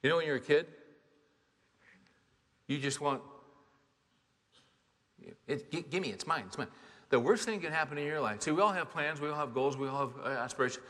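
Here the preacher's voice is fairly high and a bit bright, with a moderate pace broken by long pauses. He gives his sermon emphatically and conversationally, asking the congregation rhetorical questions as the hall's long reverb rings out.

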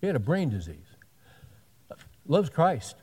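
Dark-voiced preacher man in a reverberant hall. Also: fairly high pitch, very animated, slightly rough. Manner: conversational, retells dialogue in quick back-and-forth. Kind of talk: storytelling sermon.

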